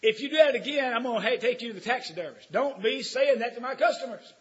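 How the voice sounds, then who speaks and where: A man's voice: very high-pitched, expressive, quick pace, fairly bright tone, slightly rough, highs cut off, voice pushed up, full character voice. A man voicing a stern pet-store owner in a joke, firmly warning his bird. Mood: scolding. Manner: firm, warning.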